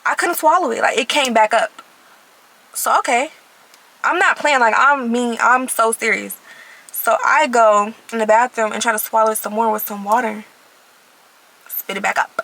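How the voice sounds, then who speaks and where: A young woman shares her faith testimony in an earnest, emphatic way, often repeating a phrase to drive it home. Her voice is bright and sharp, with a gravelly fry running through it. She talks casually, as if to friends watching. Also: fairly high pitch, rough recording. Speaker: vlogger sharing her testimony. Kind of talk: personal faith testimony, casual talk to camera.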